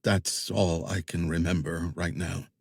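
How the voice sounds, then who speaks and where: A quiet, grieving young woman in an audiobook, as a male narrator reads her lines, earnest and subdued. His low voice stays dry and close. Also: level tone, unhurried, gravelly, husky, no room sound, exaggerated voice.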